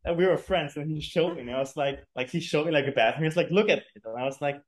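A man's voice: on the high side, fast. A German man as a podcast guest, telling casual stories and laughing easily. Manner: relaxed storyteller, laughs easily. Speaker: guest, agency co-founder. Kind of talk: casual interview chat.

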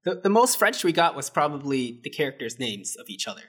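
A man's voice: fairly high pitch, very animated, a little fast, a bit bright, slightly rough. A man co-hosting a casual movie review chat, sarcastic and often laughing. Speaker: podcast co-host.

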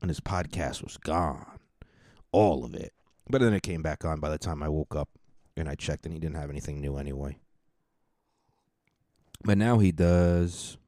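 A man with a deep, dark voice chats casually on his solo podcast, wandering between topics, swearing freely and cracking jokes at his own expense. The recording is dry and close. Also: no room sound. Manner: rambling, profane, joking. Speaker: podcast host.

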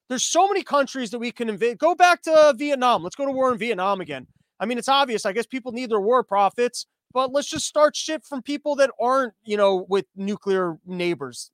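Profane, rambling high-voiced man. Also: dry recording. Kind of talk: comedic political rant.

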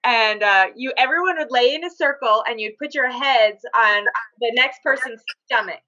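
A woman's voice: fairly high pitch, moderate pace, pushed and bright. A woman hosting a casual chat among mothers, upbeat and giggly. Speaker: podcast host. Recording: dull lo-fi sound.

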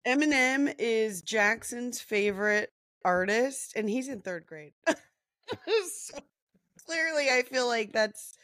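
A woman in her thirties co-hosting a podcast, chatting in a relaxed way with light laughs. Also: a little high, slow pace, dry recording, clean studio sound. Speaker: podcast co-host. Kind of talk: casual chat.

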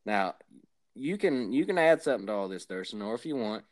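A man playing a blustery Southern hillbilly podcast host with a drawling Southern accent and deliberately bad grammar. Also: on the low side, very animated. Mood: rambling. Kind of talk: comedic character banter.

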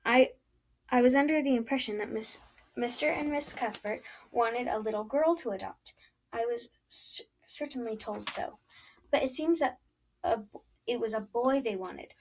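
A woman reading the part of a brisk, chatty middle-aged hostess in a storybook, talking eagerly and fussily. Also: on the high side, slight background noise, close to an everyday voice. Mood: flustered. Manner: fast, eager, fussy hostess talk.

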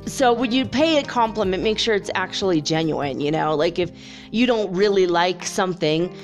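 A woman telling a story in a casual, chatty monologue, laughing often and filling pauses with ums and you-knows. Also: lowish voice, animated, faint music behind.

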